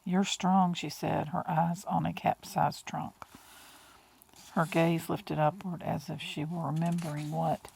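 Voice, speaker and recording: A woman reading an audiobook in a slow, hushed way, with breathy whispered words. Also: sits low, little pitch movement, a little hiss or hum, poor audio. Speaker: audiobook narrator. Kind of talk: audiobook narration.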